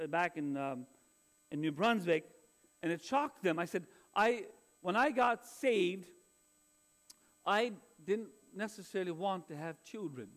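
A middle-aged male pastor preaching a sermon in an earnest, confessional way, often restarting his phrases. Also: very high-pitched.

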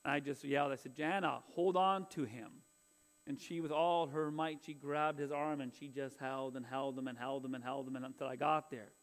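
A man's voice: mid-range voice, little pitch movement, brisk, hardly any pauses. A man, preaching a sermon in an earnest, conversational way and weaving in personal stories. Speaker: pastor.

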